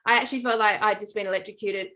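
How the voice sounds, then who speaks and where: A woman telling a long personal story in casual chat, animated and full of "like" and "um". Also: mid-range voice, rapid-fire. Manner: animated storytelling with many fillers. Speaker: podcast co-host.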